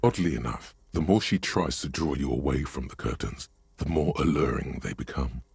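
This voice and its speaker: Gravelly brooding game narrator. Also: male voice, rumbling low, moderate pace, a little mellow, dry recording, heavily acted. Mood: ominous. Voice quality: gravelly, husky. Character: ominous deep-voiced male narrator, older, brooding. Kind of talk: video game voice acting.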